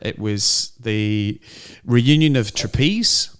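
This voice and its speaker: A middle-aged man co-hosting a podcast, telling animated anecdotes in casual chat. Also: mid-range voice, takes it slowly, clear, resonant tone. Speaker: podcast co-host.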